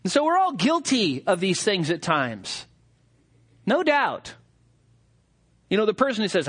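A man preaching a sermon, talking animatedly and mocking hypocrites with quick impressions. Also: sits high, wildly swooping pitch, a bit bright, slightly rough. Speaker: pastor.

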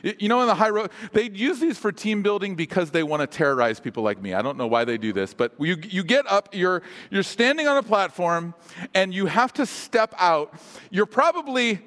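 Very animated and a little fast, a pastor with a high, fairly bright voice preaches casually, poking fun at himself and adding humorous asides. The audio has a long hall reverb.

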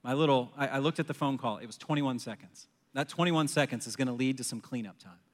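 A man in his forties preaching a sermon, telling a personal story in an animated way and acting out his own panicked phone call. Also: medium pitch, fast talker. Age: 40s. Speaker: pastor. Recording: long hall reverb.

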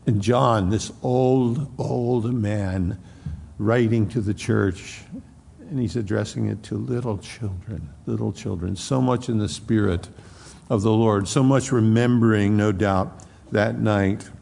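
A man's voice: on the low side, slow pace, gravelly, darkish tone, long reverb tail. A middle-aged man preaching a sermon, reflective, reading scripture aloud in old-style wording. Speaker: pastor. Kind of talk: expository sermon.

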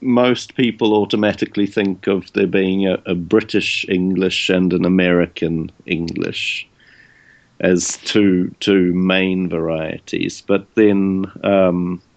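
A man with a New Zealand accent, answering questions in a relaxed conversation, thoughtful and pausing often with ums. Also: low-pitched, creaky. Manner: thoughtful, hesitant with many ums. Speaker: interviewee. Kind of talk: casual conversation.

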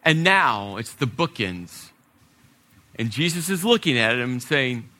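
A male pastor preaching a sermon, dramatic, shifting between loud and hushed passages and acting out quotes. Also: medium pitch, big pitch swings, a little slow.

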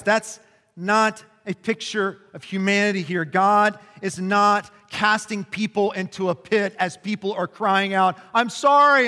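High, bright-voiced preacher man in a reverberant hall. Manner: casual, conversational preaching with many fillers; rises to impassioned preaching. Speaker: pastor. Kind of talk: sermon.

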